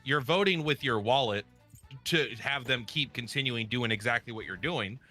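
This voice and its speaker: A man's voice: mid-range voice, moderate pace, soft background music. A man from the Pacific Northwest co-hosting a casual podcast, joking around and often repeating his first words. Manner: animated, stammers and repeats words, jokey. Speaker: podcast co-host.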